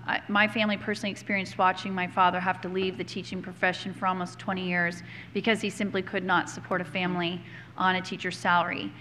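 Earnest bright-voiced woman at a board meeting. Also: medium pitch, a little hiss or hum. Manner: earnest and personal. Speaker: school board member. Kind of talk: heartfelt remarks at a public meeting.

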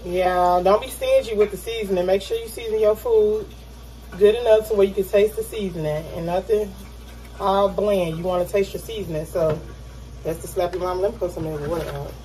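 Cooking dinner in her home kitchen, a vlogger keeps up a friendly stream of talk aimed right at her viewers, peppered with "y'all." Her mid-range voice is mellow and fairly even in intonation, and she speaks a little fast.

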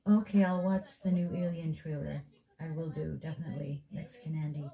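A Japanese woman speaks English with a Japanese accent in a loose, teasing chat. Her voice sits low and mellow, and she jokes around playfully. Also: fairly even intonation, brisk, highs cut off. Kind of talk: casual chat.

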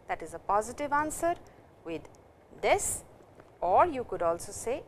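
A very animated Indian woman of medium pitch leads a recorded Japanese lesson, with slight noise in the background. She takes the grammar one step at a time and voices example lines of dialogue.

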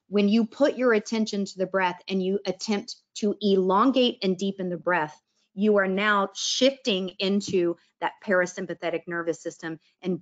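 Over dull audio, a woman with a medium-pitched voice gives a casual wellness talk on mindfulness and breath work. She chats freely and plays out the inner voices she quotes.

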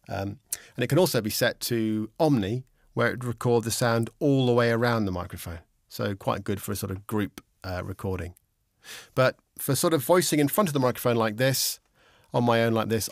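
A man teaching microphone technique in a relaxed, explanatory way, with frequent ums and restarts, recorded on a studio condenser microphone. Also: medium pitch, no room sound. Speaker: instructor. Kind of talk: casual instructional explanation. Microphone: studio condenser microphone with pop shield.

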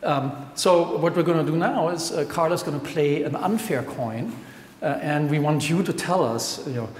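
A man's voice: a little high, normal speed. Chatty man lecturing in an echoey hall. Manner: chatty, laughs easily, counts aloud. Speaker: scientist presenter. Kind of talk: live talk to an audience. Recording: echoey hall with faint noise.

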